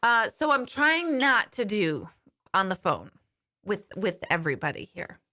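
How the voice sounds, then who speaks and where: A woman's voice: mid-range voice, big pitch swings, a little slow, sharp tone. A woman working as an intuitive medium, answering viewer comments in a candid, chatty live stream from a studio, swearing now and then and apologizing. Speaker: intuitive medium and life coach.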